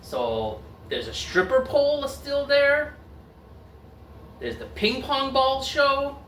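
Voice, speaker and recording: A man casually telling a travel story as host, animated and acting out the quoted voices. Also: very high-pitched, slow, slight background noise. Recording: echoey room, mic at a distance.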